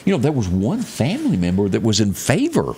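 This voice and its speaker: A man's voice: on the low side, wildly swooping pitch, brisk, dark tone, slight background noise. A man co-hosting a morning show, reading headlines in a folksy, chatty way with asides. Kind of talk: casual news chat.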